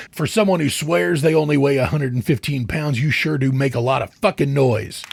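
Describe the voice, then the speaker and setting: A man's voice: mid-range voice, lively intonation, a little fast, vocal fry, hardly any pauses, darkish tone, breathy edge, no room sound. A man giving a satirical mock lecture, mock-earnest, preachy and profane. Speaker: comedian, mock speaker. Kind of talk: satirical mock TED talk.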